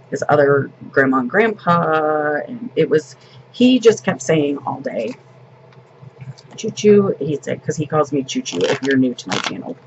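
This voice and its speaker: A woman's voice: low voice, gravelly, highs cut off, a little hiss or hum. A woman in her fifties, a grandmother and vlogger, telling a family story in casual, rambling chat.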